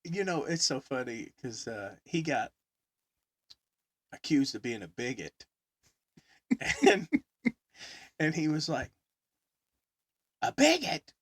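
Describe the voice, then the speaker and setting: A man's voice: medium pitch, animated, slow pace, long pauses, no room sound. A middle-aged man co-hosting a podcast, telling rambling stories and laughing often, with close, dry sound. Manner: rambling anecdotes with lots of laughter and acted quotes. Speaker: podcast co-host. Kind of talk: casual chat, storytelling.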